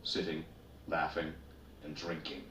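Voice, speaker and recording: A man narrating a story in a measured, steady way. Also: rumbling low. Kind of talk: story reading. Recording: roomy, distant, noisy ambience.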